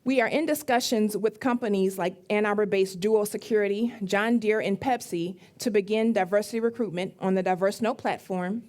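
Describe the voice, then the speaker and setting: Female founder, mid-pitched voice, steady formal pitch delivery. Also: normal speed, hardly any pauses. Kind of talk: rehearsed pitch presentation.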